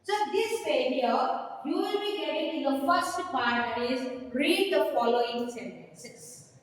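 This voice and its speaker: A woman's voice: high voice, expressive, unhurried. A woman with an Indian English accent, lecturing as a communication trainer, explaining step by step with examples and questions to her students. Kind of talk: classroom lecture. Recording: echoey hall, voice from far off.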